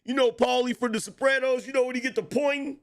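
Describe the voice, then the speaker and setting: A middle-aged man giving casual political commentary, telling it in animated street slang and laughing between lines. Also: very high-pitched, a little fast.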